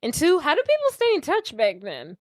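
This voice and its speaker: Animated high-voiced woman retelling a movie. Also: brisk, no echo, clean studio sound. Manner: animated storyteller acting out characters' lines. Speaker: podcast co-host. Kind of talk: casual chat, retelling a movie plot.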